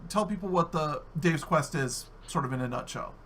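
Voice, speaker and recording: A man's voice: on the high side, expressive, moderate pace, background noise. A man hosting a casual podcast interview, chatty and easygoing as he asks questions. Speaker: podcast host.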